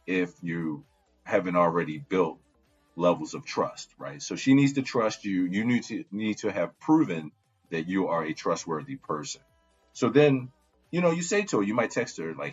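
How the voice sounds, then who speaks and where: A man's voice: sits low, husky, highs cut off. A man giving casual relationship advice, talking conversationally and often checking in with "right?".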